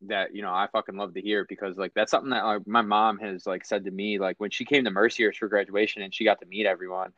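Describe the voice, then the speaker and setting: A man's voice: fairly low pitch, little pitch movement, quick pace, few pauses, a bit bright, dry recording. A young man hosting a podcast, chatting casually and profanely and laughing often. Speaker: podcast host. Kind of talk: casual chat. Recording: dry, slightly dull sound.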